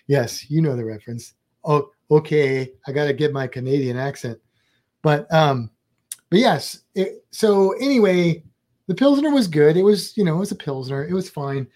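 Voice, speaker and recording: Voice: mid-range voice, expressive, moderate pace, darkish tone. Rambling, chatty vlog co-host. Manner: rambling and chatty, with playful asides. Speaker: travel vlogger. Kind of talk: casual chat.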